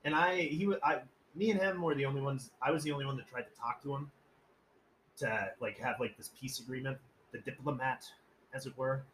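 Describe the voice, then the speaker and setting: A man's voice: medium pitch, fairly even intonation, fairly quick, a bit bright, slight background noise, poor audio. A man hosting a casual podcast, telling stories in a rambling, profane, joking way and acting out quoted voices. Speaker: podcast host.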